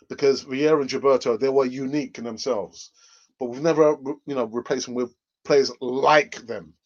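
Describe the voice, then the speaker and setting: A man's voice: medium pitch, highs cut off. A man hosting a casual live stream, chatting and reading out viewer comments, often laughing.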